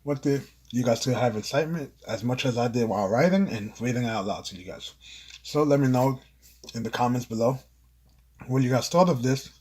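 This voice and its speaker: A man reading his own book aloud as an amateur audiobook, with expressive, earnest delivery. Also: medium pitch, fairly quick, slightly rough. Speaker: author and narrator.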